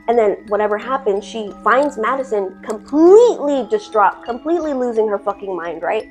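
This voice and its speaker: A woman's voice: a little high, expressive, normal speed, soft background music. A woman telling a horror story in casual storytime style, chatty, dramatic and full of swearing.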